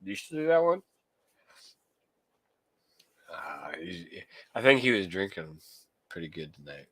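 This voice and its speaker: Talking to his livestream audience by name, this California collector keeps things loose and late-night, joking and swearing as he goes. His low voice is very animated yet unhurried, a bit bright, with a breathy edge.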